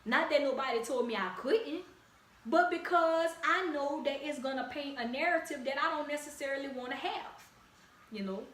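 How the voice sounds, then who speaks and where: Louisiana lady doing her podcast, kinda high voice, chatty n encouraging, roomy echo. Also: normal speed, a bit bright. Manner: direct, encouraging, conversational with slang. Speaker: podcast host. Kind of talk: casual solo podcast talk. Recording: echoey room, distant mic, faint ambient noise.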